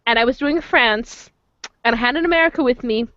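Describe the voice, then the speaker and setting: A woman hosting a casual stream chat and telling excitable, laughing stories. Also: a little high, no echo. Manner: excitable, storytelling, quick laughs. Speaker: host. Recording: dull lo-fi stream audio.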